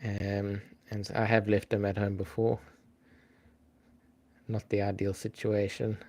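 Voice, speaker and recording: Guy running a trivia stream, lowish voice, chatty, talks to chat and thinks out loud. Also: little pitch movement, measured pace. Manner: chatty, thinks aloud, reads out names and greets viewers. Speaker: live-stream trivia host. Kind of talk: casual live-stream chat.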